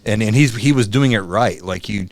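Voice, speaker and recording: A man with a somewhat low voice hosts a podcast, chatting in an easy, agreeable way. His voice is close to the mic, dry and without echo. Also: moderate pace, creaky. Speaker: podcast host. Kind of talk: casual podcast conversation.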